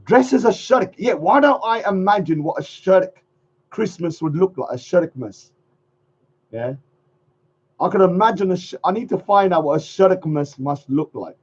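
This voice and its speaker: Man, livestream host, casual rambling chat, high voice, muffled lo-fi audio. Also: lively intonation, moderate pace, husky. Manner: rambling, repeats phrases, chuckles often.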